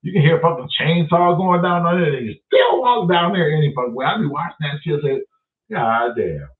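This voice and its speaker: A man's voice: fairly high pitch, fast talker. Profane storytelling man on a tinny, roomy line. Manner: profane, storytelling, reads out chat names. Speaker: live-stream host. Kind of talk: casual chat with live viewers. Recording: roomy, distant, phone-like audio.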